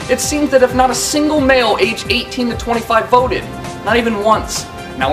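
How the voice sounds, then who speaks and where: A man's voice: very high voice, recorded from a distance, pitched below the performer's own voice. A man playing a pompous male TV field news reporter with a stiff, formal newscaster delivery.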